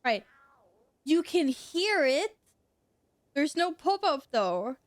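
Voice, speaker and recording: A woman's voice: high-pitched, big pitch swings, takes it slowly, slight background noise. A woman streaming a game, chatting casually to her viewers and exclaiming and giggling a lot. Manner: giggly, exclaiming, talks to chat. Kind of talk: casual gaming stream chat.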